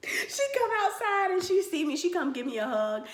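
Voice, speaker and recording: A woman's voice: extremely high pitch, normal speed, echoey room. A woman co-hosting, dramatically telling a funny story in casual chat and laughing often. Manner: dramatic, animated, laughs a lot. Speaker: co-host telling their story.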